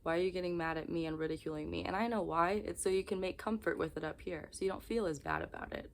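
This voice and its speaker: Low-voiced weary young woman venting. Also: fast, a little hiss or hum. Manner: candid, rambling, emotionally raw. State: exhausted. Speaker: vlogger. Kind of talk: confessional vlog talk to camera.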